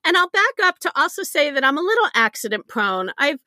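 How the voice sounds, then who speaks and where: A middle-aged woman, a podcast guest, telling a story with real animation and a habit of laughing at herself. Her voice sits high and swings widely in pitch. The recording is close and dry, with almost no room sound. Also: brisk, no room sound. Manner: animated, laughs often, self-deprecating. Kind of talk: conversational storytelling.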